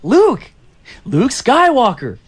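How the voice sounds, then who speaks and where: Man voicing a flirty seventies dude lost in time, jumpy lively pitch, radio skit. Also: slow, slightly rough, heavily acted. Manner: hip seventies slang, flirty.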